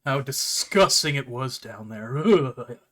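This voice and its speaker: A man voicing a sly, well-mannered talking house cat in a tabletop game, with a slow, courteous drawl and a hungry edge. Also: medium pitch, expressive, a bit bright. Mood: sly, polite. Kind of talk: game master voicing a character.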